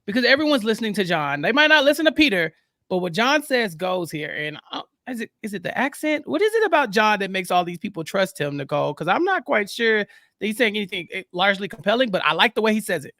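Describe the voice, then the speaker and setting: A man's voice: high-pitched, sing-song, fast, sharp tone, no echo, studio quality. A man guesting on a podcast who talks casually and jokes at his own expense. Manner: joking, self-deprecating. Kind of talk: casual recap chat.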